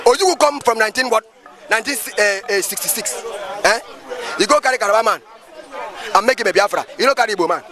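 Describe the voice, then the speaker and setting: A man's voice: very high voice, sharp tone. A male pastor with a Nigerian accent, giving emphatic, preachy street commentary outdoors and firing off rhetorical questions.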